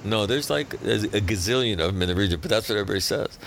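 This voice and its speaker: A man's voice: fairly low pitch, racing, gravelly, a little hiss or hum. A man who works as a radio host, telling a story casually and acting out the people he quotes. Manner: animated, acts out quoted speech.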